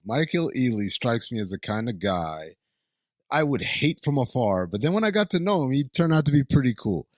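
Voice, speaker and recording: Sarcastic rambling man, lively delivery. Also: medium pitch, normal speed, dry recording. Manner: sarcastic, rambling, laughs often, swears. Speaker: podcast co-host. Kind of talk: casual movie-riffing chat.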